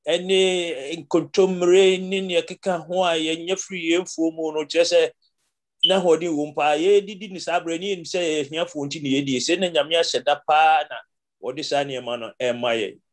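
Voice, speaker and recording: A man at a church gathering, adding his view in a measured, unhurried way. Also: fairly high pitch, fairly even intonation. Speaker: church member.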